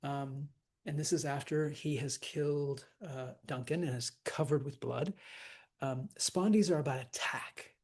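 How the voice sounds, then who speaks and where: A woman's voice: deep voice, a little slow, darkish tone, slightly rough. A woman teaching a lecture on verse scansion, chatty with many fillers, tapping out stresses aloud as she goes.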